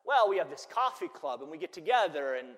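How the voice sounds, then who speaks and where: A sheepish older gossip voiced by a preaching man rambles on through excuses and fillers. The voice is pitched higher and louder than plain talk. It carries a long hall reverb. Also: sing-song, a little fast. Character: elderly gossiping grandparent, sheepish.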